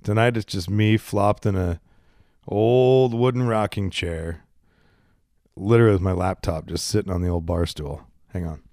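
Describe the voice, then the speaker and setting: A man's voice: low-pitched, steady tone, normal speed, a little mellow, no room sound, studio quality. A man hosting a podcast alone from his garage, talking casually and candidly into a handheld microphone, a bit congested and rambling. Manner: rambling, candid and self-deprecating. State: congested, coughing and burping. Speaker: podcast host. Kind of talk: casual solo podcast monologue. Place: home garage.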